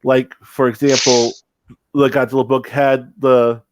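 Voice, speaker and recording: A man's voice: medium pitch, flat delivery, measured pace, background noise. A young man co-hosting a casual chat, rambling with many fillers and restarts. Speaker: podcast co-host.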